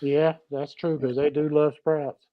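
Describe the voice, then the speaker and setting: A man joining a casual podcast chat, with a voice a little high for a man. He chips in with short, quick, joking remarks. His audio comes through dull and completely dry. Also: flat delivery, no room sound.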